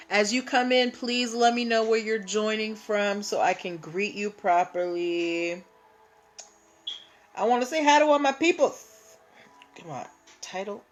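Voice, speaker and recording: A woman hosting a casual live stream, chatting and greeting viewers by name. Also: mid-range voice. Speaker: livestream host.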